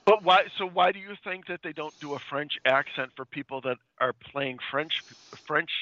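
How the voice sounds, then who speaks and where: A man's voice: on the high side, moderate pace, lo-fi sound, noisy background. A man co-hosting a podcast, chatting casually and asking curious questions. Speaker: podcast co-host. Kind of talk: casual chat.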